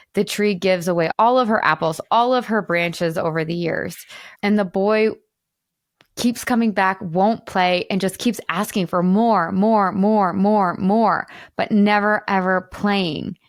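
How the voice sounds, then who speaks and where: A woman in her thirties hosting a podcast, talking in an animated, emphatic way and at times near tears. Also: mid-range voice, measured pace, no room sound, clean studio sound. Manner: animated, emphatic, tearful at moments. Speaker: podcast host. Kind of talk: emotional podcast monologue.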